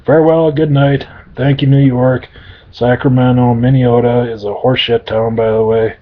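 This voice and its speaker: A man's voice: medium pitch, little pitch movement, normal speed, slight background noise, natural voice. A man voicing a crude male demon advisor who hands out orders bluntly and swears freely, in a dull lo-fi recording. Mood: gruff impatient. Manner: blunt, profane, dismissive.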